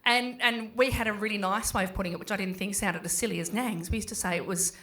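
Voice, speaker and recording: A middle-aged Australian woman performing a stand-up comedy set in a small pub, chatty and swearing freely as she acts out her kids in quick voices. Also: medium pitch, steady tone, pushed and bright.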